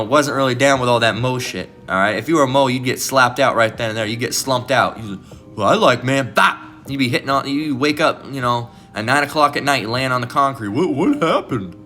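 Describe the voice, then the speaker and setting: A man's voice: mid-range voice, bright, forceful tone. A man giving informal, blunt preaching commentary, often restarting and asking "all right?".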